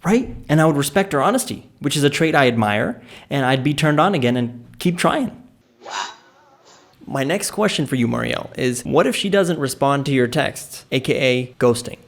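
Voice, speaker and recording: A man hosts a comedy podcast. He plays it deadpan and earnest, sounding completely clueless as he fires off his questions. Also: mid-range voice, moderate pace, gravelly. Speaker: podcast host. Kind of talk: deadpan comedy interview sketch.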